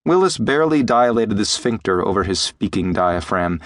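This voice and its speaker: In a close-miked studio recording with no room sound, a man with a fairly low voice narrates a science fiction audiobook from a script, keeping a steady, measured pace.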